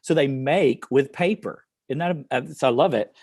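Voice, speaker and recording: An upbeat teacher reads poetry to an online class from an office, encouraging the students and using many fillers. His mid-range voice is a little mellow at a moderate pace, recorded in studio quality with no room sound.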